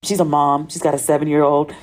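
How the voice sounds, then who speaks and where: A woman's voice: deep voice, flat delivery, fast, a little mellow. An American woman hosting her own podcast, telling a travel story in a chatty, casual way with slang and laughter. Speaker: podcast host. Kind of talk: casual solo podcast monologue.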